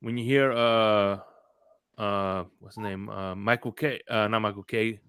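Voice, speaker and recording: Halting joking man in podcast banter. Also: lowish voice, fairly even intonation, a bit bright, smooth, no echo, clean studio sound. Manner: halting, restarts words, joking. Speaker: podcast host. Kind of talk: casual sports talk.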